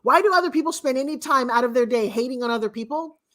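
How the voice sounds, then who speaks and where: Here a middle-aged mentor and guest speaker gives a motivational talk in a high, fast voice. She is blunt and emphatic, and her volume jumps abruptly from moment to moment.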